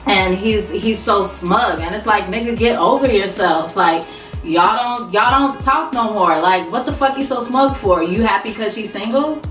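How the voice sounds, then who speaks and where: Woman vlogger, mid pitch, unfiltered and lively; roomy, distant recording, soft music underneath. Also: moderate pace. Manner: profane, animated, talks back to characters. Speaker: TV recap vlogger. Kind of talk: casual recap with quoted voices. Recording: roomy sound, away from mic.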